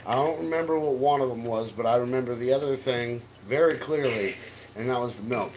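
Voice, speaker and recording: A man co-hosting a casual chat, telling a story with profane, teasing, loud outbursts. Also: mid-range voice, brisk, slight background noise, low-quality recording. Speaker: co-host.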